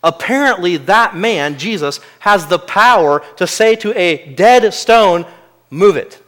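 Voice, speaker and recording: Guy preaching a sermon, voice sits a bit high, earnest, goes soft then gets loud and punchy. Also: lively intonation, a little slow. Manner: earnest, varies between soft asides and loud emphatic peaks.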